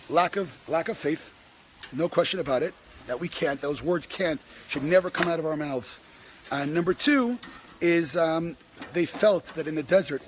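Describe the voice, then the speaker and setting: A man speaks with a high, lively voice, stumbling through restarts and then surging upward as he presses his point. The talk is impassioned and personal. Steady noise sits under the recording. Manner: impassioned, many restarts, rising when stressed. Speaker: host.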